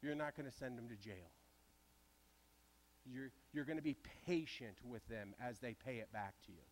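A man's voice: medium pitch, normal speed, a little hiss or hum. A man preaching a sermon in a church, conversational and asking the congregation direct questions. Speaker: pastor.

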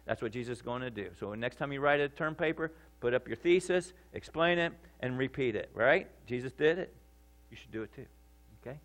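A man preaching a sermon in a conversational way, often checking in with his listeners and getting louder and higher for emphasis. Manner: rises in pitch and volume for emphasis. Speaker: pastor.

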